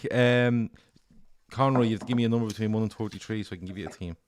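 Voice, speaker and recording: A man hosting a casual football quiz podcast, running questions and calling answers right or wrong. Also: on the low side. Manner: brisk quizmaster, reads questions and scores answers. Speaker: quiz host.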